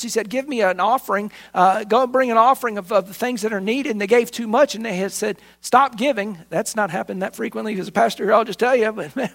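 High-voiced man preaching a sermon. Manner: animated preaching with retold dialogue and emphatic repetition. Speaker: pastor.

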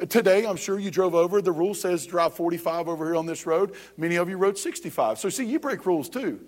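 A man's voice: sits high, lively intonation, fast talker, a little mellow. A man preaching a sermon as pastor, emphatic and repetitive, speaking straight to the congregation.

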